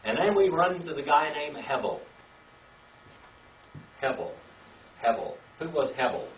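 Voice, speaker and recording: An older man teaching a classroom Hebrew reading lesson, patient and slow, spelling words out letter by letter. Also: fairly high pitch, animated, slight background noise. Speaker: Bible language teacher. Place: classroom with a small group. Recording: echoey, distant, dull lo-fi room recording.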